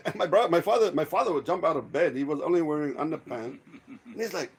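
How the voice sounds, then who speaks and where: A man hosting a casual livestream chat, swearing a lot and telling stories with animated energy. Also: a little high, brisk, breathy edge. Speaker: livestream host.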